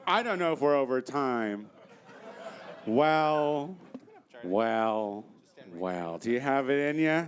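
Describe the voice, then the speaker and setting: A man's voice: medium pitch, lively intonation, brisk, few pauses. A man hosting a live comedy game show on a theater stage, sassy, bossy and teasing.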